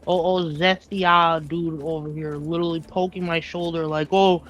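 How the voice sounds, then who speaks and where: A speaker chats casually as a stream co-host, complaining and telling stories at a mid pitch. Faint background noise sits under the voice. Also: little pitch movement, normal speed, fairly bright tone, low-quality recording. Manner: chatty storyteller, complaining. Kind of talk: casual chat.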